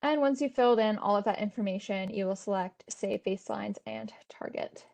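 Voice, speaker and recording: A woman presenting an instructional webinar, explaining steps in a steady tone with frequent "um" and "uh" fillers. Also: medium pitch, a little fast, vocal fry.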